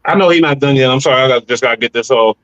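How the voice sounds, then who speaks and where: A man's voice: medium pitch, fairly bright tone, dull audio. A man co-hosting a podcast, cutting into a clip with blunt, mocking commentary. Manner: pauses a clip to jump in with blunt, mocking remarks. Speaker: podcast co-host.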